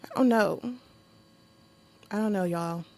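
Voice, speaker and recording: A woman's voice: on the low side, takes it slowly, creaky, mellow, slight background noise. A young woman hosting a solo podcast, talking off the cuff in a blunt, profane way and laughing often. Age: young adult. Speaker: podcast host. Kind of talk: unscripted solo podcast monologue.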